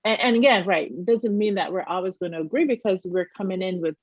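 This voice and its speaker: A woman hosting an interview, talking in a lively, chatty way with many fillers and quick laughs. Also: mid-range voice, no echo. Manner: animated, laughs often, lots of fillers. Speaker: host. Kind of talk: casual interview chat. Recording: muffled dry video-call audio.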